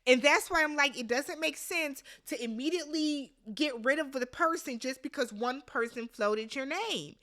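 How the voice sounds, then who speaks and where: A woman giving a casual, slangy recap of a reality show, quoting the players in lively voices. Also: high voice, normal speed, few pauses. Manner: animated, slangy, quotes people in put-on voices. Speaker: recap vlogger.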